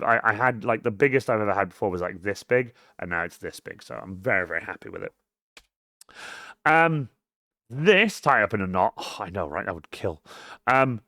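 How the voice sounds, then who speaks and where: A man hosting a cosplay live stream, rambling and swearing freely, swinging between mumbles and loud outbursts. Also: lowish voice, animated, moderate pace, dry recording, clean studio sound. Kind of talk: casual live-stream chat.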